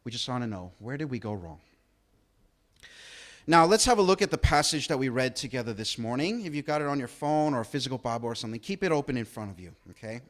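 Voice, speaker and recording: A man's voice: medium pitch, expressive, fast. A male pastor preaching a sermon in a conversational way, asking rhetorical questions and acting out quotes.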